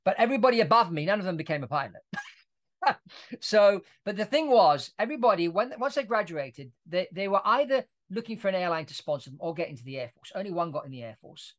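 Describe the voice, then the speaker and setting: A man's voice: sits high, very animated, quick pace. A man in his forties who grew up in Italy, hosting a podcast interview as a chatty storyteller who laughs often. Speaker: podcast host. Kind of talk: casual interview chat.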